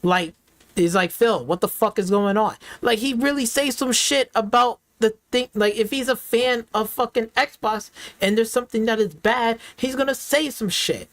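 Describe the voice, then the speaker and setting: A man's voice: sits high, fairly bright tone, no room sound. A man ranting in heated, profane slang as a reaction streamer, repeating himself and trash-talking rivals.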